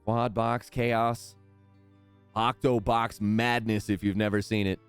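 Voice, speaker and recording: A man's voice: fairly low pitch, flat delivery, slow pace, clear, resonant tone, soft background music. A man hosting a live stream, calling out names in a hype sports-announcer manner.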